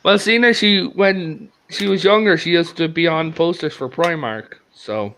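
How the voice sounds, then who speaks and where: A man's voice: on the high side, measured pace, slight background noise. An Irish man hosting a casual chat, telling stories with lots of laughter. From Republic of Ireland. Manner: animated storyteller, laughs often. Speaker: podcast host.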